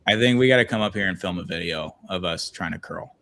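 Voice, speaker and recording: A man runs a casual watch-along podcast, his voice sitting fairly low. He rambles easily and reads viewer comments out loud as he goes. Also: fast. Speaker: podcast host.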